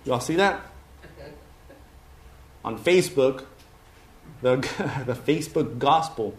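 A man casually telling a story to listeners, animated and chuckling as he goes. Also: mid-range voice, slow. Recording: roomy echo.

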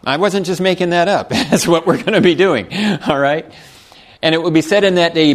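A man's voice: on the high side, moderate pace. A man preaching a sermon, reading scripture aloud and explaining it in a folksy way with chuckles.

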